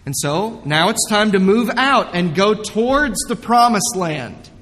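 Male pastor, high voice, slow and emphatic sermon delivery, big echoing hall. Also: lively intonation, a bit bright. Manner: earnest, emphatic preaching with dramatic retellings.

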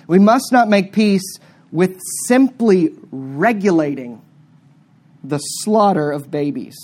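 An emphatic preacher delivering a sermon at a middle pitch. The delivery swings sharply between hard-stressed words and quiet asides. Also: animated, slow.

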